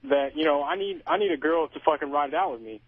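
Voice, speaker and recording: Male caller from Cincinnati, halting and repetitive, dry phone-line audio. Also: fairly high pitch, no room sound. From Cincinnati, USA. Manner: halting, full of "like" and restarts. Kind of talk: call-in question.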